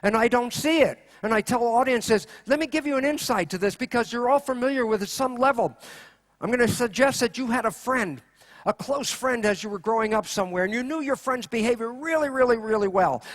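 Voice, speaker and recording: A man giving a keynote lecture, animated, asking rhetorical questions and acting out quoted voices. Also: extremely high pitch, brisk. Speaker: conference speaker.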